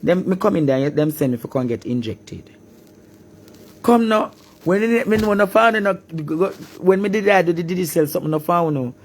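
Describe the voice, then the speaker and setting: A man from Jamaica with a Jamaican accent, ranting animatedly on a live stream, repeating words and bursting into shouts. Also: sits high, animated, normal speed, a little hiss or hum. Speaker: social media personality.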